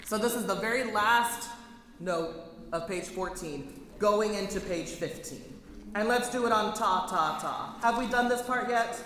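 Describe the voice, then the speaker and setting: A man's voice: high voice, a little slow, bright, forceful tone. A man leading a choir rehearsal, chatty and detailed, correcting himself as he goes through the score. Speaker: choir director. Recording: echoey hall, faint noise.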